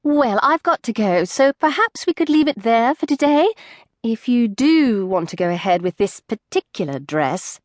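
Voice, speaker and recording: A woman's voice: a little high, sing-song, moderate pace, dry recording, clean studio sound. A woman reading a flustered, polite dressmaker. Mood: strained polite. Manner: hesitant, strained politeness.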